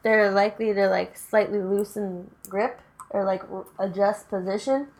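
A woman's voice: medium pitch, fairly even intonation, moderate pace, darkish tone. A young woman in casual chat about horror films, dry and matter-of-fact.

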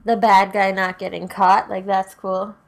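Her voice is mid-range and creaky, unhurried, with little pitch movement. As a slightly drunk podcast co-host, she chats casually about a horror movie, tossing in deadpan jokes and sarcastic remarks.

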